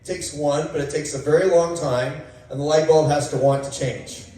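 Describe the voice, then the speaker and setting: A man doing stand-up jokes at a coffee shop, halting with many fillers and restarts. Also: on the high side, steady tone, warm tone. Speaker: stand-up comedian. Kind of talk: open-mic joke telling. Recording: echoey room, mic far off.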